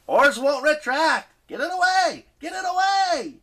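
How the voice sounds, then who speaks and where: A man reading an audiobook, voicing a frantic teenage boy mechanic who yells in panic. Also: very high-pitched, very animated, normal speed, voice pushed up, full character voice. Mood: panicked yelling. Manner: yelling in panic.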